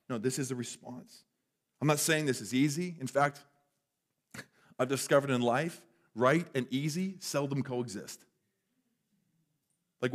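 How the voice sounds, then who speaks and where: A male pastor preaching a sermon in a church, conversational and animated, sometimes dropping to a hush for effect. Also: medium pitch. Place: church sanctuary.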